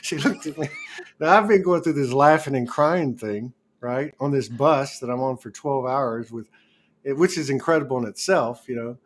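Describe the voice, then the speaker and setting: A man hosting a casual spiritual talk show, rambling and restarting as he tells stories and laughs along. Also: medium pitch. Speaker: host.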